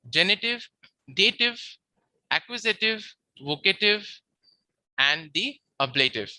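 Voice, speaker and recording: A teacher walks through a slide lecture, repeating key terms patiently. The voice is very bright and rises and falls a lot. It sounds close and dry, with no room around it. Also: mid-range voice, no echo.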